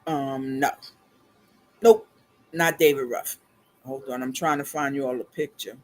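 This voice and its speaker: A middle-aged woman hosting a casual livestream, telling a family story in a chatty, animated way, laughing along and calling her viewers y'all. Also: a bass voice, unhurried. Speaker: beauty consultant livestream host.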